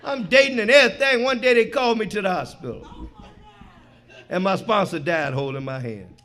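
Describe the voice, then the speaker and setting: A middle-aged man speaks at a recovery meeting in a high voice. He tells his story with street slang and plenty of swearing, booming on the punchlines and dropping low and quiet in the reflective stretches. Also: normal speed. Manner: animated storyteller, swings between loud punchlines and quiet reflection. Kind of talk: personal recovery share. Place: meeting hall before an audience.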